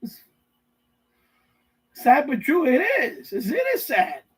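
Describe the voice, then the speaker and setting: A man with a notably high, husky voice rants on his live stream. He rambles, swears freely and repeats himself while riffing in mocking voices, talking from his basement. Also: very animated, takes it slowly, rough recording. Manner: profane, repetitive, riffing with mock voices. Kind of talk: rambling casual rant. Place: basement room.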